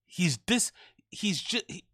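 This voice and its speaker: A man hosting reaction commentary, blunt and mocking as he tears into what he hears. His voice sits a little high. The sound is dry and close. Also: animated, slow pace, pushed and bright, no echo. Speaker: host.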